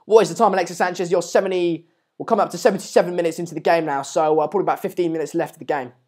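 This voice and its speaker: A man's voice: a little high, fairly even intonation, rapid-fire, darkish tone, breathy edge. A man hosting a casual live football watchalong, rambling and chatty with many fillers, often urging viewers to subscribe. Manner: repeatedly urges viewers to subscribe. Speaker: live-stream host.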